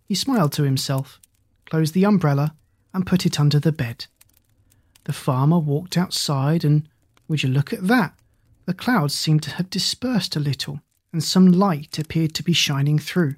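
Breathy, measured storybook narrator. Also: medium pitch, dry recording. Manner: even, measured telling with questions to the listener.

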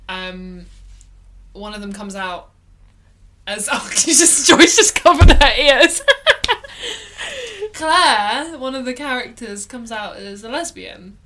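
A woman's voice: a little high, pushed and bright. A woman co-hosting a podcast in casual chat, chatty and laughing often, with plenty of ums. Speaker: podcast co-host.

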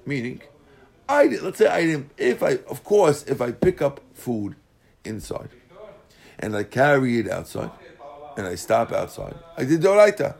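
A man's voice: mid-range voice, sing-song, normal speed, creaky, darkish tone. A man teaching a casual Talmud class, mixing Hebrew and Aramaic terms into English and often checking that listeners follow. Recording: class recording.

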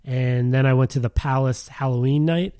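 A man's voice: medium pitch, fairly even intonation, normal speed, dark tone, clean tone, no echo, clean studio sound. Rambling man telling a story. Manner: rambling, lots of "like", laughs while telling. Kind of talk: casual chat.

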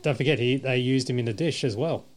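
A man's voice: medium pitch, fast, a little mellow. A man hosting a casual podcast chat, jokey and laughing often. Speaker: podcast host.

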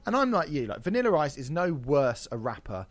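A man co-hosting a podcast, talking in a casual, animated and mocking way with plenty of swearing. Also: on the high side, brisk, dry recording. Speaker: podcast co-host.

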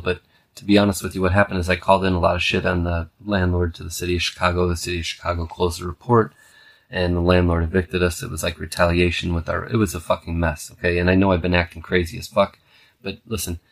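A man with a deep, low voice talks through a casual, profanity-laced monologue. He rambles restlessly, stacking restarts and tagging nearly every thought with "okay.". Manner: restless, self-described scatterbrained. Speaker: podcast host.

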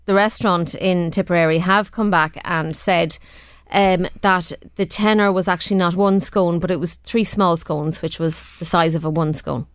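A woman's voice: lowish voice, steady tone, moderate pace, few pauses, clear, resonant tone, no room sound, studio quality. A woman co-hosting a radio show, chatting in a wry way and laughing easily. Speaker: radio co-host. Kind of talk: casual radio chat. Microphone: studio microphone.

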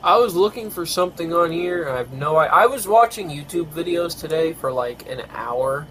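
A tired, yawning man hosts a podcast, grumbling and swearing often through casual chat. His fairly high voice has lively intonation and a slightly bright quality at a moderate pace, on a low-quality recording with slight background noise.

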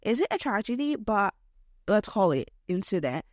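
A young woman hosting her own podcast, chatting casually in a slangy, expressive way that jumps between topics, recorded at home late at night. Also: mid-range voice, moderate pace, dry recording, clean studio sound. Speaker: podcast host. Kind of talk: casual solo podcast chat.

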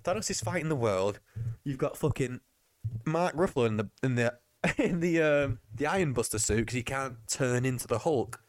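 A man's voice: medium pitch, animated, normal speed, no echo. A man co-hosts a casual podcast, tearing into a superhero film with swearing and mocking voices in the quotes. He has had a few drinks and has the hiccups. The sound is dry and close, with no room around it. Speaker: podcast co-host. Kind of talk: casual film commentary chat.

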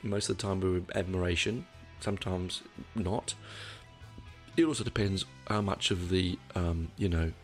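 A man's voice: low voice, fairly even intonation, a little slow, soft background music. A middle-aged man hosting a casual solo podcast, rambling and candid, correcting himself often, with dry asides. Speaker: podcast host.

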